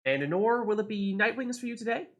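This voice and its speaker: A man's voice: high-pitched, animated, quick pace, a bit bright. A man hosting a community game livestream, casting matches and chatting with players in an upbeat, friendly way. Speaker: stream host and caster. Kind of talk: casual livestream commentary.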